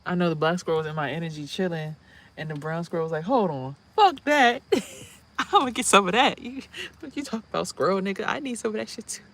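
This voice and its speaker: A young woman rambling casually in a spiritual vlog outdoors, animated and swearing, exclaiming at things she sees. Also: fairly low pitch, fast, a little hiss or hum. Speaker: spiritual vlogger and reader. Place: outdoors near trees.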